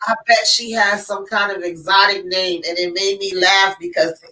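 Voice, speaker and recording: A congested woman hosting a casual movie recap, animated and laughing often. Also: mid-range voice, normal speed, recorded from a distance, rough recording. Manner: animated, laughing, plays quotes. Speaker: host of a movie recap show.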